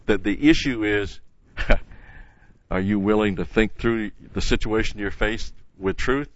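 A man's voice: fairly low pitch, slow pace, no echo, muffled recording. An older man teaching a Bible passage verse by verse in a conversational way, stopping to correct himself and leaning hard on key words.

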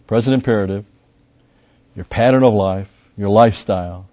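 A pastor preaches a sermon, teaching through scripture and surging louder on key words, with fillers and restarts along the way. His voice is fairly low, at normal speed with frequent pauses, on a dull, lo-fi recording.

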